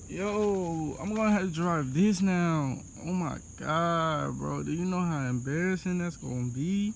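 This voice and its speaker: A man's voice: on the high side, unhurried, vocal fry, few pauses, slight background noise. A young man vlogging outdoors on a phone camera, exasperated and repeating himself as he shows damage. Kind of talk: dramatic vlog walkthrough.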